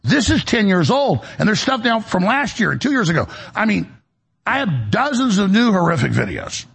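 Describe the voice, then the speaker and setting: A male show host rants into the studio mic with a heavily gravelly, husky voice. He rambles in an agitated way, repeats himself and restarts sentences over and over. His voice sits a little above the usual male pitch. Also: very animated, normal speed. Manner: agitated, repetitive, with many restarts. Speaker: radio and web show host. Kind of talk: rambling broadcast monologue. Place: broadcast studio.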